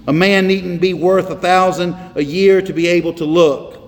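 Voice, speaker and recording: A man's voice: high voice, steady tone, moderate pace. A man preaching a sermon from the pulpit, emphatic and repetitive, hammering on single words. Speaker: pastor. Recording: reverberant hall with faint noise.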